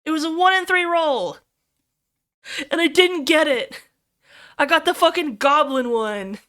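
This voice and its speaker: A young adult woman streamer chatting casually with viewers, excitable, swearing freely and squealing over cute things. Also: high voice, a little slow. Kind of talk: casual livestream chat with viewers.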